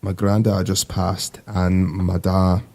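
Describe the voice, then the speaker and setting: A man's voice: low voice, level tone, slow, darkish tone. A man in his twenties, a navy sailor telling stories as a guest in a casual podcast conversation, rambling and easygoing with lots of fillers. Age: 20s.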